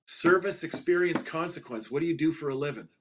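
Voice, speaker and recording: A man's voice: on the high side, brisk, fairly bright tone, slight background noise. Emphatic middle-aged man, storytelling guest. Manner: emphatic, repeats punchlines, laughs at own jokes. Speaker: podcast guest, financial advisor. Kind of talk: animated interview storytelling.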